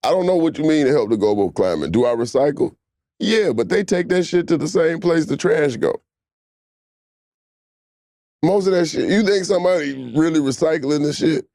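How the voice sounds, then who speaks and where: Dude riffing on a comedy show, laid-back mellow voice, dry close sound, cussing a lot. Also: male voice, on the high side, normal speed, no room sound. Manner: loose, profane, animated riffing.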